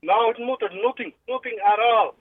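A man's voice: very high voice, fairly quick. Flustered man on a phone line. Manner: polite but flustered denials. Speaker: prank call target. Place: in a parked car. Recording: tinny phone line with faint hiss.

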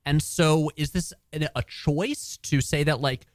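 A man's voice: a little high, a little slow, no room sound, clean studio sound. A man in casual film chat with friends, hesitant at first, then emphatic about what he noticed. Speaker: podcast co-host.

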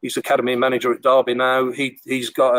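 A man's voice: medium pitch, monotone, quick pace, a bit bright, no echo, poor audio. A middle-aged man, a former goalkeeper, telling stories casually with lots of fillers and restarts. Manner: rambling, full of fillers and restarts. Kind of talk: casual storytelling.

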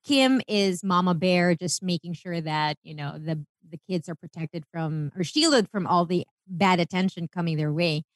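A woman's voice: lowish voice, normal speed, hardly any pauses, no room sound. Chatty Filipino woman, dry close mic. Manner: Taglish code-switching, chatty, laughs often. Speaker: podcast co-host. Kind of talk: casual celebrity gossip chat.

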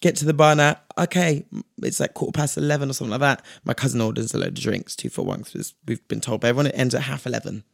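Animated man telling a story. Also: mid-range voice, fast talker, creaky, dry recording, studio quality. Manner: animated, acts out the other people's voices in his stories. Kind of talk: casual storytelling chat.

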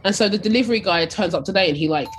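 A young woman from England with an Essex accent, a DJ and radio host telling stories in a casual, animated way, full of fillers. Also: mid-range voice, very fast, soft background music. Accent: Essex English. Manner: animated, chatty, many fillers like "like". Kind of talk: casual storytelling interview.

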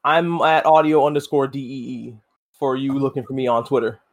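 A man co-hosting a podcast in relaxed casual chat, asking questions and giving brief replies. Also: medium pitch, brisk. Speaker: podcast co-host.

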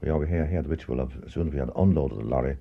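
A man's voice: extremely low pitch, rapid-fire, vocal fry, husky, muffled recording. A man plainly recalling travel and daily routines with a touring company, in a matter-of-fact way. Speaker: former touring actor. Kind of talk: reminiscing.

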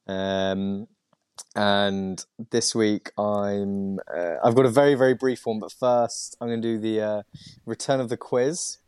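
Low-voiced chatty male quizmaster. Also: little pitch movement, measured pace, darkish tone, clear, resonant tone, dry recording. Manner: chatty, laughs often, many fillers. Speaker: podcast host and quizmaster. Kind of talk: casual sports chat.

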